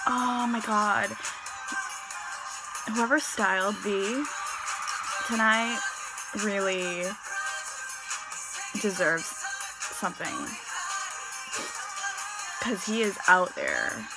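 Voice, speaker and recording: Excitable fan host, woman, lively swooping pitch, unhurried delivery, loud music beneath. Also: low-quality recording. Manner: gushing, gasping, squealing names. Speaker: reaction video host. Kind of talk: excited reaction commentary. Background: loud performance music.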